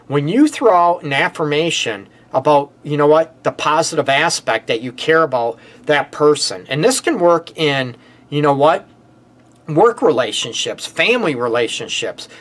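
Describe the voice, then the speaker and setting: A middle-aged man, a relationship counselor, giving casual advice to a live online audience, energetic and repetitive, checking in with "right?" and "okay?". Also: a little high, moderate pace. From United States.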